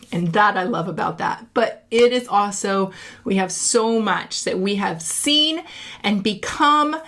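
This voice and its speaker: A woman's voice: mid-range voice, a bit bright. A woman in her late thirties, a leadership coach, talking in an upbeat, emphatic, chatty way in a casual reflective monologue to camera. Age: late 30s.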